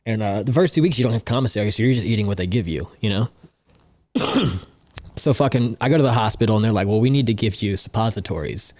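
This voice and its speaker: A man's voice: fairly low pitch, fast talker. A young man, a comedian telling profane jail stories in casual chat, laughing as he goes. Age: young adult. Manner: animated, laughs through his stories, swears constantly. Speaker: guest comedian.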